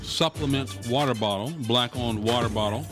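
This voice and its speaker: A man's voice: medium pitch, normal speed, over music. A man co-hosting a casual chat show, upbeat and playful, leading into each segment. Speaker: co-host.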